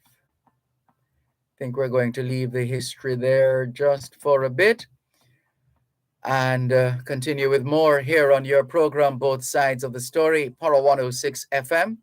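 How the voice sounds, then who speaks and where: A man's voice: medium pitch, no room sound. A man from Jamaica hosting a radio talk show in a studio, chatting to listeners and reading out their messages. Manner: slow, chatty, reads listener messages aloud. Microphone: studio microphone.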